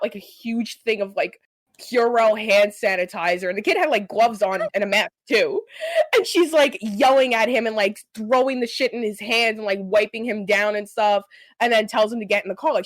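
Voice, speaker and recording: A woman's voice: mid-range voice, dry recording. A young woman co-hosting a podcast, telling stories casually and bluntly, with some swearing. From Staten Island, New York. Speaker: podcast co-host. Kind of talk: casual chat.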